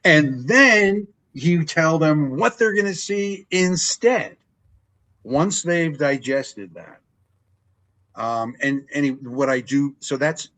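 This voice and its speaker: An older man, a wrestling ring announcer, telling stories as an interview guest and acting out remembered dialogue. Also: mid-range voice. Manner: animated storyteller who acts out remembered dialogue. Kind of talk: casual interview storytelling.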